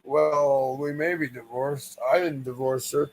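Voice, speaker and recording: A man's voice: mid-range voice, fairly even intonation, measured pace, a crowd in the background, poor audio. A man from the United States, a guest on a stream, talking in a profane, rambling and blunt way. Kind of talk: casual stream chat.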